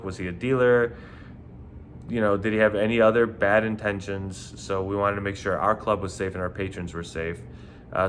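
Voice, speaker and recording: Low-voiced ex-bouncer man telling stories. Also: a little hiss or hum. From New York. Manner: animated, punchy, swears freely, fillers like you know. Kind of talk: casual storytelling monologue.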